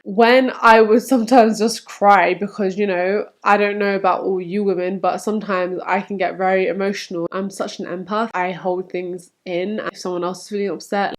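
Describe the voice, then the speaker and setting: A young woman vlogging to camera, speaking candidly and chattily, and acting out remembered quotes. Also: medium pitch. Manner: candid, animated, acts out quotes.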